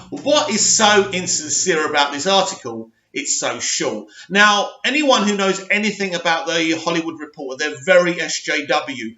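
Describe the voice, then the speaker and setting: This man's voice is high and sharp. Hosting his own channel, he delivers ranting reaction commentary, reading an article with sarcasm and scorn and laughing often, recorded in an echoey room with dull lo-fi audio.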